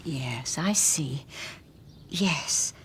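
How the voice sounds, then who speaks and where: Casting: a guarded, battered wife, lively pitch, slightly high, faint tape hiss. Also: female voice, very slow, exaggerated voice. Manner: pleading, shaky and guarded. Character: frightened battered wife, middle-aged woman. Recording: old TV drama audio with faint noise.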